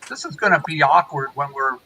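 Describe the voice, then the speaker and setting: A man's voice: on the high side, brisk. A man in his forties telling stories in a casual chat, acting out the voices of the people he quotes. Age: 40s. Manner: animated storyteller, acts out quoted voices. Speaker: podcast host. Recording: noisy podcast audio.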